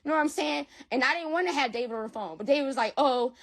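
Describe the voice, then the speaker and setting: A woman's voice: sits high, lively intonation, rapid-fire, a bit bright. A woman guest retelling a personal dispute bluntly, swearing freely and repeating herself. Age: adult with a school-age son. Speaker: interview guest.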